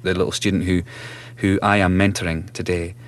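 A man in his thirties with a Scottish accent, an actor chatting as an interview guest, self-mocking and quick to laugh. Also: sits low, little pitch movement. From Scotland. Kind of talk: relaxed interview chat.

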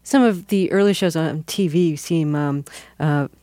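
A woman's voice: sits low, measured pace, dark tone, dry recording. A woman hosting an interview, asking curious, playful questions. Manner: curious, playful, laughs easily. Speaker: interviewer, host. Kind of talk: radio interview.

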